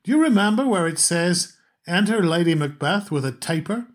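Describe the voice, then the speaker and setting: A man's voice: sits high, normal speed, voice pushed up. Man putting on a chatty American woman. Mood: insistent. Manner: insistent, animated. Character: eager chatty American woman mystery fan.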